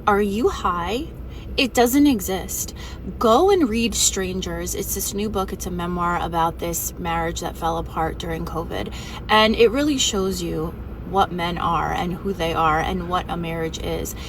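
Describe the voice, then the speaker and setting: A woman's voice: lowish voice, measured pace, distant mic, slight background noise, poor audio. A woman gives a blunt, scornful opinion rant straight to the camera.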